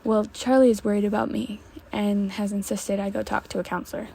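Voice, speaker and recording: A woman's voice: medium pitch, flat delivery, fairly quick, creaky, warm tone, breathy edge. Woman reading as nervous young man. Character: nervous young adult man, gentle partner.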